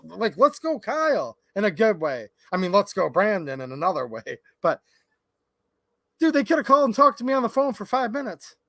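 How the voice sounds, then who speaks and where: This gun channel host, a Michigan man, runs a casual livestream from his workshop, chatting opinionatedly and speaking straight to his chat. His voice sits high with a fairly bright tone and no room sound.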